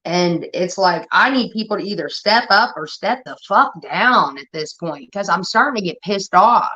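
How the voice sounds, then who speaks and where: A woman hosting a livestream chats casually but bluntly and profanely, irritated with her moderators. Her mid-range voice is animated and sharp at a moderate pace, heard through dull lo-fi stream audio.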